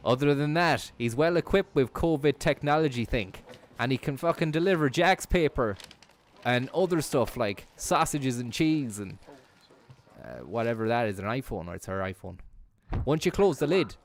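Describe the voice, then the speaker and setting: A man's voice: medium pitch, animated, moderate pace. A man doing rambling, profane live stream commentary, slipping into a mock announcer voice as he riffs.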